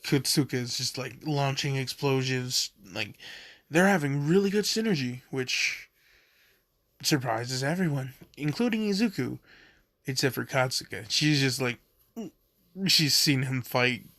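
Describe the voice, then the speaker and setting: A man tells a fan story slowly and loosely, full of fillers and swearing. His medium voice sits dry and close to the mic. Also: mid-range voice, fairly bright tone, no room sound. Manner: rambling, lots of fillers and swearing. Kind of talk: casual storytelling.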